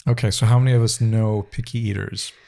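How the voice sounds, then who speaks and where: Gravelly American man, teasing co-host. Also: fairly low pitch, steady tone, fast talker, loud music behind the voice. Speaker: podcast co-host. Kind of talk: casual chat.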